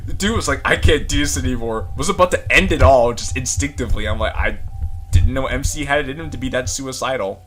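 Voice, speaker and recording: A man hosting a gaming channel, giving casual let's play commentary, excitable and quick to swear as he reacts. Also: mid-range voice, soft background music.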